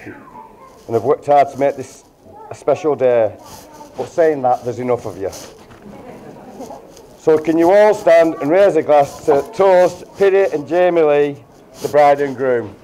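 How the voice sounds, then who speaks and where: A man's voice: a little high, a little slow, long pauses, warm tone. A middle-aged man giving a wedding toast as the groom's father, reading from notes with dry jokes. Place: wedding reception room.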